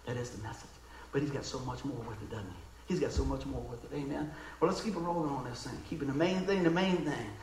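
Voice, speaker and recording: A man preaching a sermon as pastor, folksy and fervent, often pausing for an amen. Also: sits high, reverberant, rough recording. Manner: fervent, folksy, calls for amens.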